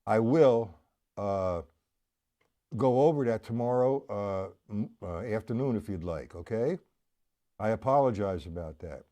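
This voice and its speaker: Rambling middle-aged drum teacher. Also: male voice, lowish voice, lively intonation, dark tone. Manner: apologetic, rambling, full of restarts; counts and explains stickings slowly. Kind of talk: live-streamed drum lesson.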